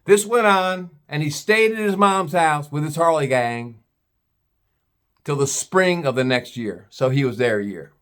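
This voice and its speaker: A man's voice: fairly high pitch, measured pace, a bit bright, clear, resonant tone. A man telling a story in a blunt, profane, scornful rant, slipping into put-on voices for other people. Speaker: vlogger. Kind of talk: ranting storytelling monologue.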